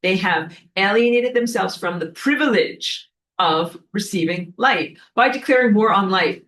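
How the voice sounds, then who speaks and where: A woman's voice: medium pitch, lively intonation, measured pace, a bit bright, rough recording. A woman giving a preachy spiritual lecture to a class, in an emphatic, scolding manner that sometimes turns to swearing. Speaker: spiritual teacher.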